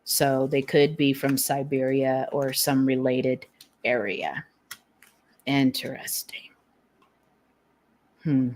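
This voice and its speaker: A woman's voice: extremely low pitch, steady tone, slow pace, pauses often, a little mellow, a little hiss or hum. A woman giving a casual collective tarot reading, rambling, often laughing and trailing off while she searches for words. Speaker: tarot reader. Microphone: streaming setup.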